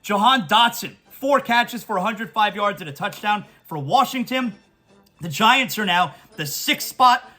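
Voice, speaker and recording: A man's voice: high-pitched, expressive, unhurried, sharp tone, faint music behind. A man hosting a sports talk show, reading scores and venting emphatically as a fan.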